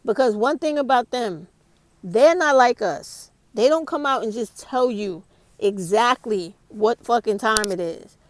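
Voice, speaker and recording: A woman's voice: a little high, lively intonation, unhurried. A woman vlogger ranting to camera, blunt and heated, with a lot of swearing. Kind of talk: casual rant to camera.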